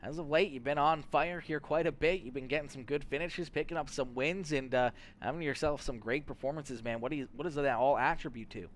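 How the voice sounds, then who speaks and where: A man's voice: a little high, fairly quick, hardly any pauses, a little hiss or hum. Chatty Canadian man calling sim races. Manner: upbeat, chatty, lots of fillers. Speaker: race broadcaster. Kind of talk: sim racing commentary and interviews.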